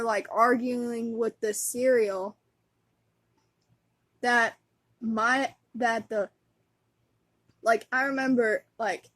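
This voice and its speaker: A woman vlogger chatting casually as a fan, giggly and rambling, with lots of fillers. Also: on the high side.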